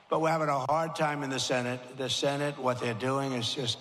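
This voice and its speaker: An older man giving a rally speech. He talks in short, repetitive, punchy phrases and builds to shouted slogans. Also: mid-range voice, steady tone, a little fast, a faint crowd. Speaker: political speaker at a rally. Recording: reverberant hall, gravelly.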